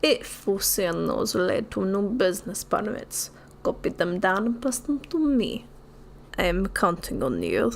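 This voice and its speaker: A woman's voice: lowish voice, moderate pace, few pauses, a little hiss or hum, natural voice. A tired, put-upon merchant in a broad fake Russian accent, voiced by a woman reading game dialogue aloud. He stays formal and polite, worn down by endless paperwork. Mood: weary. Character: weary male merchant buried in paperwork.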